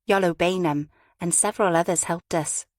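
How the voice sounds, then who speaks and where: A composed, haughty woman with cool, stiff politeness, as a woman reads her. Low in pitch and dry, read close in a storybook. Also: normal speed, a little mellow, no room sound, natural voice.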